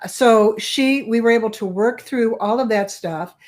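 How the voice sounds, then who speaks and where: A woman's voice: fairly high pitch, measured pace, darkish tone. A middle-aged woman, a guest on an interview show, telling her life story in a candid, plain-spoken way. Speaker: guest, bully prevention expert. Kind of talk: personal storytelling in conversation.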